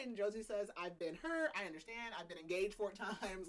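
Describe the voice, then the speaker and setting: A young woman hosts a casual podcast chat, walking through a book's story with a lively, swooping voice. She talks loosely, sprinkles in "like" constantly, and breaks into laughter often. Her pitch sits in a middle range for a woman. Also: brisk, low-quality recording. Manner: chatty, laughs often, heavy filler "like". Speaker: podcast host. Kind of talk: casual book-club recap chat.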